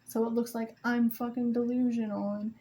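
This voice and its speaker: Eine fluchende junge Mutter, die sich beim Malen Luft macht. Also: female voice, fairly high pitch, flat delivery, normal speed, mellow, slight background noise. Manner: emotional, swearing, rambling with restarts. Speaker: mother venting about co-parenting. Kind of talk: casual venting vlog.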